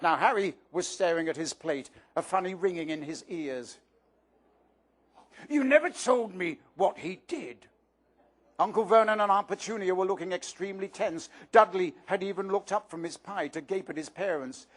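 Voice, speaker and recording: A man narrating a children's novel aloud at a bookstore release party with expressive storyteller delivery. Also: high voice, a little fast, hardly any pauses. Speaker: audiobook narrator. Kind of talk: live reading of a children's novel.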